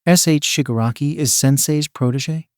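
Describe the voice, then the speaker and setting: A man's voice: on the high side, moderate pace, smooth, no echo, studio quality, close to an everyday voice. A man reading the lines of a flustered young girl who stammers and pleads in panic. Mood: panicked.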